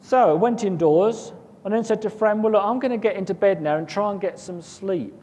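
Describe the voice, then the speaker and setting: High-voiced man telling a long story. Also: brisk, a little mellow. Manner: rambling, repeats words, chuckles. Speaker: guest recounting an experience. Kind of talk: casual storytelling. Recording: long reverb, faint rumble.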